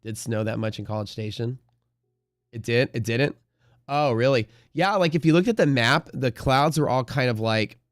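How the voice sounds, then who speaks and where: A man's voice: medium pitch, dry recording, clean studio sound. A man hosting a live day-trading stream, chatting casually in a rambling way, full of fillers and the odd swear word.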